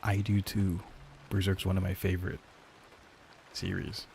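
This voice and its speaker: Gravelly low-voiced guy. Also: completely flat delivery, a little slow, a little mellow, slight background noise. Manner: loose and profane, lots of "like" and "dude". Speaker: streamer. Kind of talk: casual chat with live chat.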